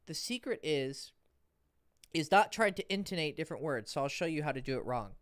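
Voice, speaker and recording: A man's voice: fairly high pitch, expressive, fairly quick, a bit bright, no room sound, studio quality. A man coaching dating on a livestream Q&A, blunt and profane, swinging his voice up and down to show how rhythm works.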